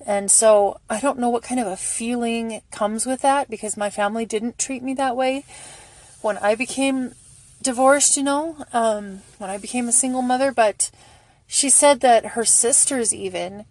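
A middle-aged woman and single mother giving a casual, emotional commentary as she reads fan charity posts aloud, gushing and slowing down to read. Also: a little high, darkish tone, no room sound.

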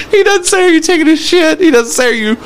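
Animated, laughing male podcast co-host. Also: very high voice. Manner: crude, laughs often, animated storytelling. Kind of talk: casual chat.

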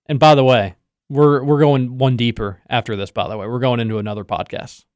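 A man hosting a casual sports podcast, spinning a story with lively energy. He acts out other people's lines as he goes. His voice sits at a middle pitch, recorded close and dry with no room sound. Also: fairly quick, dry recording. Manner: animated storyteller, acts out quotes. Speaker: podcast host.

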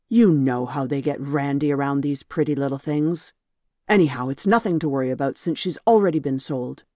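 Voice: medium pitch, darkish tone, no echo, clean studio sound, natural voice. A narrator voicing an oily, smarmy dealer. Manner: unctuous, fast and ingratiating.

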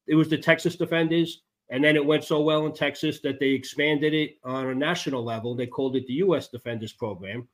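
Older Chicago-accented man, radio guest, matter-of-fact. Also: a little high. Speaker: guest, motorcyclist advocacy director. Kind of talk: casual interview.

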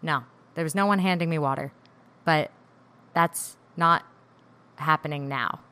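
A woman's voice: sits low, a little slow, bright, forceful tone. A woman hosting a solo podcast episode, talking candidly and introspectively as she works through her feelings aloud. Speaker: podcast host.

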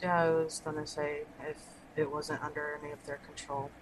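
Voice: mid-range voice, flat delivery, brisk, poor audio. A player in a tabletop game, speaking in a matter-of-fact way. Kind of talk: casual tabletop game chat. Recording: clear background noise.

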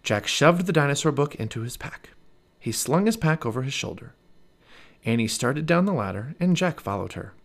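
A man narrating a children's storybook aloud as a parent, with an expressive read-aloud delivery. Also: medium pitch, normal speed.

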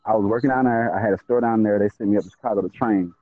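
A man talking in an animated, storytelling way, tripping over his words and repeating himself when he gets fired up. His voice comes through thin and tinny, like a phone line, and has a slightly husky edge. He sounds like a podcast co-host in the middle of a relaxed conversation. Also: on the low side, very fast. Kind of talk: casual podcast chat.

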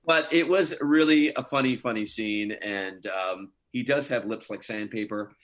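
A man's voice: fairly low pitch, measured pace, fairly bright tone. Laughing, chatty male actor telling stories. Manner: chatty storytelling, laughs often, many fillers. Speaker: actor guest. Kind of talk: casual interview chat.

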